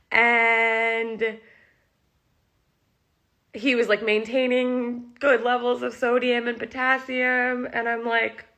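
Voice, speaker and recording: A woman who rescues kittens talks casually and emotionally on a phone live stream, rambling with many "like"s. Her voice is on the high side, creaky, bright, and forceful.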